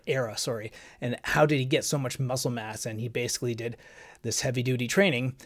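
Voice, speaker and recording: Man, fitness podcast host, mid-range voice, loose explanatory delivery, lots of "um" and "right?" checks. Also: medium pitch. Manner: explains step by step with frequent "um" and "right?". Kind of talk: casual instructional talk.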